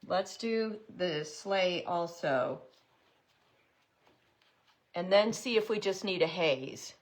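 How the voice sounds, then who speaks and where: A woman's voice: on the low side, takes it slowly. Chatty upbeat woman hosting a craft livestream. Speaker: craft host. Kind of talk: live-stream craft tutorial chat.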